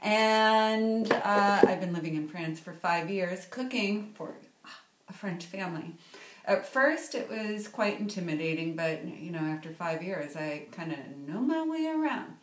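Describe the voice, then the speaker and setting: A playful woman presents a casual cooking vlog from her home kitchen. Her voice sits at a middle pitch and bounces off the hard surfaces of the room. She drops French food words into her chatty talk. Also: lively intonation, unhurried, reverberant. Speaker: cookbook author and vlogger.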